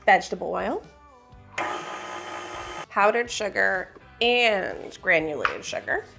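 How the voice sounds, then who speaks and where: A woman's voice: mid-range voice, lively intonation, slow pace, gravelly, over music. Chatty woman hosting a baking video. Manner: chatty and upbeat, thinks aloud while working. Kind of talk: casual baking vlog chat. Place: home kitchen.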